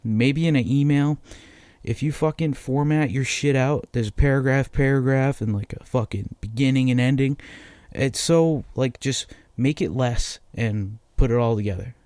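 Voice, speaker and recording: A man's voice: medium pitch, normal speed, darkish tone, no room sound. Profane rambling young man. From Massachusetts. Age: 20s. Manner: profane, rambling, self-deprecating. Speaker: podcast host. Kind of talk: casual solo podcast rant.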